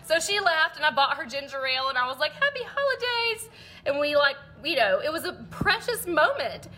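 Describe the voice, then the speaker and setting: A woman's voice: high voice, expressive, brisk, bright, forceful tone. A young woman telling a funny story casually to her viewers, keeps breaking into laughter. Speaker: vlogger.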